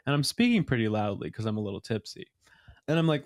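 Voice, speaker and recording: Young man, podcast host, casual chat, animated storytelling, laughs a lot. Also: fairly low pitch, quick pace.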